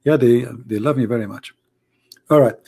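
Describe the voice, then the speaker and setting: A man with a hoarse voice who debates religion in a sarcastic, mocking way in an online commentary video. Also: medium pitch, normal speed, warm tone.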